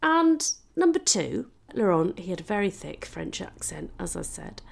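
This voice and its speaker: A woman's voice: medium pitch, big pitch swings, moderate pace, creaky. A woman from Britain, a comedian and podcast host, telling a comic story in a monologue, swearing freely and dropping into whispered asides.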